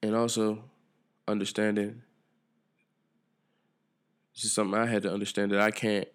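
A man's voice: lowish voice, little pitch movement, moderate pace. A man hosting his own podcast alone, talking in a reflective, loose and profane way that trails off and restarts. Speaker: podcast host. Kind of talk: solo podcast monologue.

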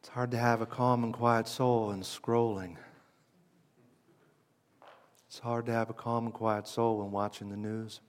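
A man preaching a sermon in a conversational, reflective way, moving from hushed asides to emphatic lines. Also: on the low side, little pitch movement, moderate pace, in a large hall.

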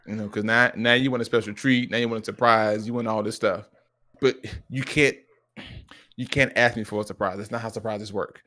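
Low-leaning and moderately paced with long pauses, this man's voice comes from a podcast co-host in casual conversation. Earnest and reflective, he tells stories with animation and acts out quoted lines, including ones from his son.

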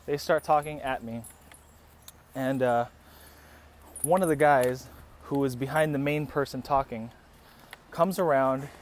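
A man in his thirties hosting a podcast, telling a story casually with lots of swearing and bursts of laughter. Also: mid-range voice. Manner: profane, animated storytelling with laughs. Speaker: podcast host. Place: outdoors near a street. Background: passing traffic noise.

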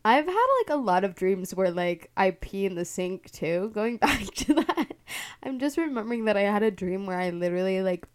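A woman's voice: medium pitch, lively intonation, normal speed, clear, resonant tone. A young woman hosting a podcast, telling a long story in casual chat, rambling with many fillers and acting out the voices of the people in it. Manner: rambling, filler-heavy, laughing storytelling with acted-out quotes. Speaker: podcast host.

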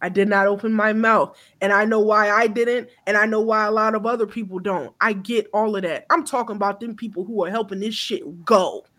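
Bright-voiced, blunt, impassioned woman. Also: medium pitch, fairly even intonation, a little fast, hardly any pauses. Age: about 30. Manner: blunt, profane, impassioned, restarts often. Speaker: podcast co-host. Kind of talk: casual chat.

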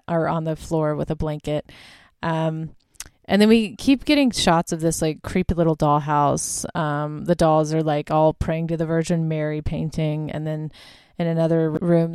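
A woman's voice: low-pitched, darkish tone, clear, resonant tone, dry recording, studio quality. A young woman hosting a podcast, casually recapping a horror movie in a chatty way full of filler words. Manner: chatty, lots of "like" and "um". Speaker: podcast host.

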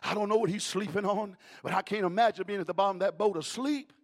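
A male pastor delivers a sermon in a rhythmic cadence, his voice sitting high and his pace quick. He adds "uh" after each phrase and swings between shouting and hushed tones.

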